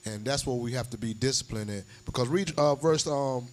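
Halting man sharing testimony. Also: mid-range voice. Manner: conversational, halting fillers. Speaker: congregation member sharing testimony. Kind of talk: personal testimony.

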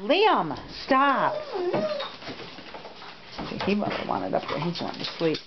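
A woman with a medium-pitched voice and huge swings in pitch speaks slowly as she narrates a home video, coaxing her foster dogs along in a sing-song tone. She's filming on a handheld camera in and out of doors at home. The audio is dull and lo-fi, with loud noise.

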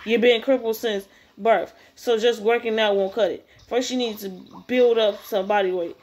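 A woman voicing a domineering male high school bully who barks harsh, contemptuous orders. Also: steady tone, moderate pace, darkish tone, natural voice. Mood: harsh bossy.

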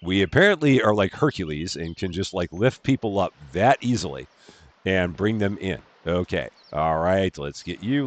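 A man's voice: sits low, lively intonation, normal speed. A man giving casual, jokey let's-play commentary, chatting to the characters in a game as he plays. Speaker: gameplay commentator.

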